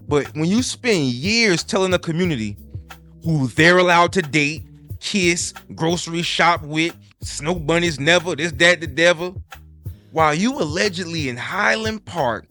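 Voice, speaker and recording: Brief: male host riffing drily, bright high voice, faint music underneath. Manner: wry, incredulous asides. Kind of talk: comedic reaction commentary.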